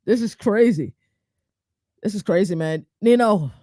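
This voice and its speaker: A male co-host on a sports talk livestream, easygoing and quick to laugh. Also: high-pitched, noisy background. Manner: easygoing, laughs often, agreeable.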